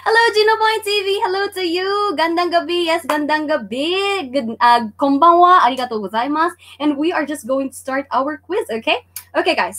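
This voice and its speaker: A woman's voice: high-pitched, fairly bright tone. A woman hosting a livestream Japanese lesson, bubbly and laughing often as she greets viewers by name. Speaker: online Japanese teacher.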